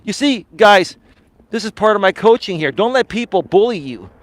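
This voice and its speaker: A man's voice: high-pitched, expressive, moderate pace, dry recording. A male dating and life coach ranting on a live stream, confrontational and repeatedly calling his opponent bro and sir.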